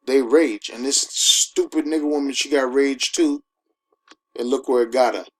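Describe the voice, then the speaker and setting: A man giving an informal sermon, emphatic and conversational, who keeps asking his listeners "all right?" and slows down to read scripture. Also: mid-range voice, fairly bright tone, slight background noise, low-quality recording. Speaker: preacher.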